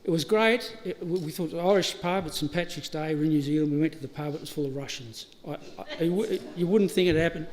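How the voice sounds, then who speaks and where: This eulogy comes from a middle-aged Australian man whose voice is a little high, and he talks fast with hardly any pauses. He keeps it chatty, telling stories with laughs and restarts, and the live stream picks up hall reverb.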